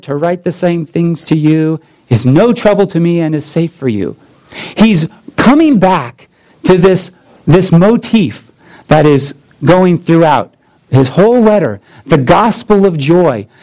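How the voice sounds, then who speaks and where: Slow-speaking male pastor preaching. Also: high-pitched, a little mellow, low-quality recording. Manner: slow, deliberate preaching with repeated phrases and rhetorical questions. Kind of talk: sermon.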